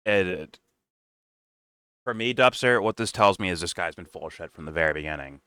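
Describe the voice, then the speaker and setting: A man's voice: low voice, animated, normal speed, pushed and bright, clean tone, no echo, studio quality. A man co-hosting a casual commentary chat, sarcastic and swearing, laughing often as he mocks people. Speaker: podcast co-host.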